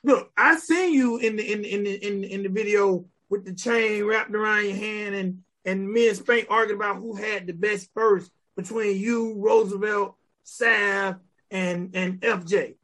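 High bright-voiced male host, excitable and teasing. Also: a little slow. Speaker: podcast host. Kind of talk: casual podcast interview.

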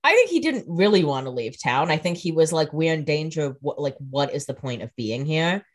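Lower-voiced woman chatting on a podcast. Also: very animated, brisk. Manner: chatty, jumps in with jokes and opinions. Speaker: podcast co-host. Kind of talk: casual chat.

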